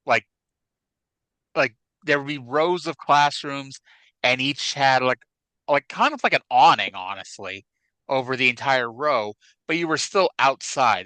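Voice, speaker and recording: A man in his forties chats and tells stories on a podcast, with a bright, clean, well-defined voice. The sound is close and dry, with no room around it. He wanders through his tales and keeps adding "like" and "you know.". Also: mid-range voice, no echo, poor audio. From northern USA. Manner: rambling storyteller, many fillers like "like" and "you know". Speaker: podcast co-host. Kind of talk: casual chat.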